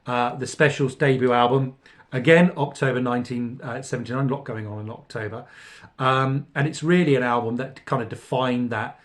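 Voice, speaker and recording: A man's voice: mid-range voice, steady tone, fairly quick. A middle-aged man hosting a casual podcast about vinyl records, rambling with many fillers and restarts. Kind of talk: casual spoken review.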